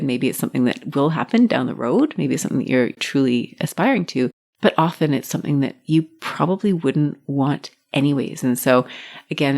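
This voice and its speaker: Low-pitched middle-aged woman, solo podcast host, encouraging and personal. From Canada. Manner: warm encouraging advice.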